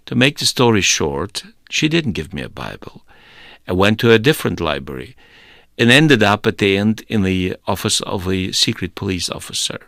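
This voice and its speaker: A man from the Soviet Union telling his personal testimony, hesitant with many fillers but animated. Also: lowish voice, normal speed, gravelly, dry recording, studio quality. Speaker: speaker giving testimony.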